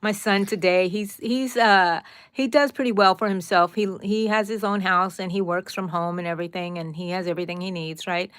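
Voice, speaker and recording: A woman's voice: medium pitch, steady tone, moderate pace, a bit bright, clear, resonant tone, no echo, studio quality. A middle-aged woman, hosting a casual crochet livestream, counting stitches and chatting with viewers by name. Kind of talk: casual livestream tutorial chat.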